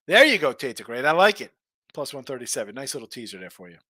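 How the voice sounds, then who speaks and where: A man's voice: mid-range voice, very animated, fast, pushed and bright, no room sound. A middle-aged man hosting a sports betting show, chatting casually and bluntly ranting while reading viewer comments.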